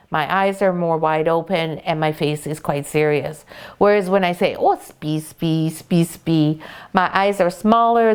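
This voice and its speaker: A Canadian woman chatting to camera about her dogs, her voice low for a woman and smooth. She explains things in an easy, friendly, educational way. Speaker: dog breeder. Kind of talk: casual educational vlog.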